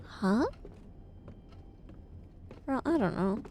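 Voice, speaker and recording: A woman's voice: on the high side, lively intonation, very slow, a little mellow, a little hiss or hum. Chatty Midwestern woman streaming a game. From American Midwest. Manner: chatty and rambling, swears freely, laughs often. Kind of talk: casual live-stream chat while gaming. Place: home, indoors.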